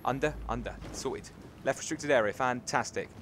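A British man from England giving excitable let's-play commentary, cheering and scolding the game as he plays. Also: mid-range voice, moderate pace, noisy background. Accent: British English. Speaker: gaming channel host.

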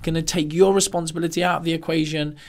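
Guy playing a slick smug pill-seller, quiet and taunting. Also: a little high, little pitch movement, fast talker, voice pushed up, natural voice. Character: sly, smug male supplement huckster.

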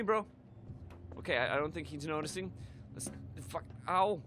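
A man playing a shooter and joking around, goofy and sweary, with sudden shouts. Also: fairly high pitch, lively intonation, fairly quick, slight background noise. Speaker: let's play gamer. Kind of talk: gaming commentary.

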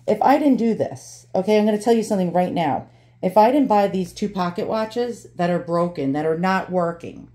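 A woman's voice: medium pitch, mellow. A woman hosting a casual unboxing vlog, blunt and indignant, swearing freely. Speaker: antique jewelry vlogger.

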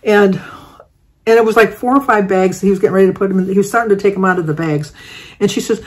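Older woman vlogger, casual rambling storyteller, mid-range pitch, lots of ums and restarts. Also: fast, darkish tone. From Michigan, United States. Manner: rambling, chatty, with many fillers and restarts.

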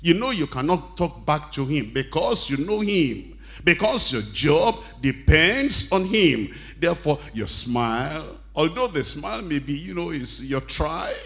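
A male pastor preaching a sermon, reading scripture slowly and acting out angry bosses and pleading wives. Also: big pitch swings, vocal fry. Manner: acts out quoted bosses and wives, shouting high and pleading soft; reads scripture slowly and deliberately.

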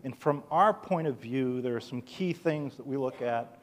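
A man presenting at a conference with an average-pitched voice. He lays out his points in a brisk, organized way. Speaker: consultant presenting.

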